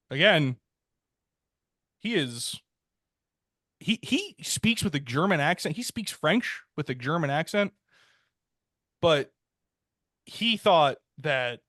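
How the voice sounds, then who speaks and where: A man co-hosting a podcast, casually retelling a history story in a rambling, laid-back way, often saying "um" and "like" and jumping his pitch to act out the people in it. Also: a bit bright, dry recording, clean studio sound. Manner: acts out quoted characters with jumps in pitch. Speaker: podcast co-host.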